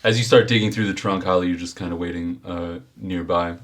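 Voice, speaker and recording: A man's voice: low-pitched, fairly even intonation, brisk. A man narrating as game master of a tabletop game, laid-back and rambling, with many fillers.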